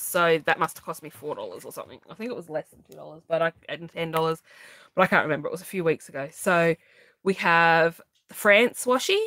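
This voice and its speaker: A woman's voice: lowish voice, dry recording, poor audio. A woman chatting casually as a craft vlogger at home, laughing easily and teasing. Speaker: craft vlogger showing a haul. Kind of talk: casual chat.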